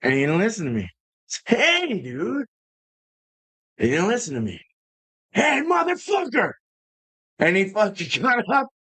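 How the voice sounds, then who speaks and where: A man chats loosely through a live home-brewing stream in a voice pitched a bit above the usual male range. He rambles from story to story and swears freely, breaking into laughs along the way. He talks from his own brewing space at home. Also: big pitch swings, fast talker, hardly any pauses, fairly bright tone, slightly rough. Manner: rambling, profane, laughs often. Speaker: homebrewing live-stream host. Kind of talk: casual live-stream chat. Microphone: streaming setup.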